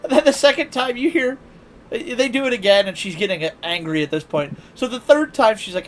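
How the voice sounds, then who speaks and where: A man chats casually on a live stream and tells a story with plenty of laughter. His pitch swings widely as he gets worked up. A faint hiss of noise sits under his voice. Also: brisk. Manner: laughs often, animated storytelling.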